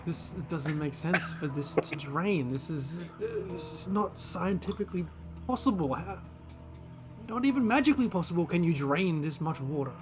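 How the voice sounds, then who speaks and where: A man's voice: on the high side, lively intonation, normal speed, over music. A man playing a tabletop game in character, skeptical and questioning. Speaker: player.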